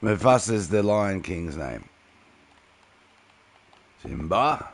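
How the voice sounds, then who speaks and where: A man's voice: deep voice, very animated, slow, gravelly, slight background noise. A young man streaming a game, chatting casually and answering viewers' messages by name. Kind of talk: casual live-stream chat while gaming.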